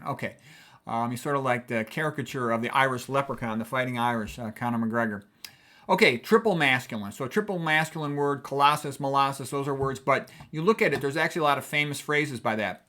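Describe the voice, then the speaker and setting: A middle-aged man teaches writing in a chatty, conversational lecture, frequently checking in with "okay." His mid-range voice is bright and forceful, moving a little fast.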